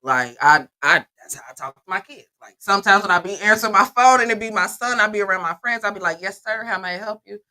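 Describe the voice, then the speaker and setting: A middle-aged woman chatting casually as a podcast co-host, blunt and animated, often laughing. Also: medium pitch, fast, few pauses. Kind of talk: casual chat.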